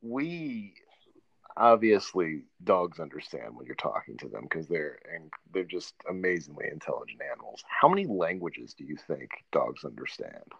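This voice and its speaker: A man co-hosting a podcast in easygoing casual chat, often pausing and restarting. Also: low voice, big pitch swings, creaky, a bit bright, slightly rough, no room sound, muffled recording. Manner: easygoing, hesitant, many fillers and restarts. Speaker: podcast co-host.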